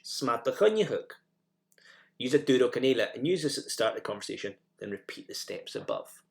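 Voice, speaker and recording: Lively-voiced man teaching a language lesson. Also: mid-range voice, fairly quick, vocal fry. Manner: explains step by step, models phrases by repeating them. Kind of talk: recorded language lesson narration.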